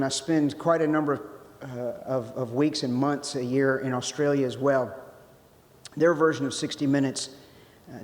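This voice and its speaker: A man's voice: mid-range voice, a little mellow. A man giving a conversational sermon-style talk as a guest speaker, restarting phrases and adding joking asides. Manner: conversational, self-interrupting, jokey asides. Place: church sanctuary. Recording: long hall reverb.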